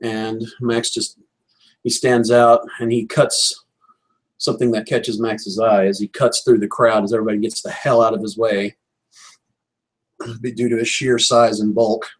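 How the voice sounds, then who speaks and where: Husky-voiced man running a tabletop game. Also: lowish voice, level tone, poor audio. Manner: descriptive, measured storytelling. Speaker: game master.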